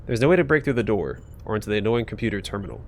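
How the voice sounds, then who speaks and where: A man's voice: fairly low pitch, sing-song, racing, vocal fry, a little hiss or hum. A man hosting a let's play, reading game text aloud and casually thinking aloud as he plays.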